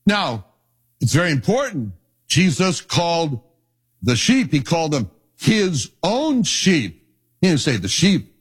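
An older man giving a sermon as pastor, telling folksy personal stories with an animated, conversational delivery. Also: on the high side, takes it slowly, slightly rough. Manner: storytelling, animated, folksy asides.

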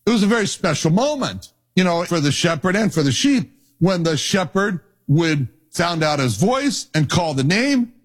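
Animated storytelling man preaching. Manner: animated storytelling, drops low for asides. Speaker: pastor. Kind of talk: sermon with personal stories.

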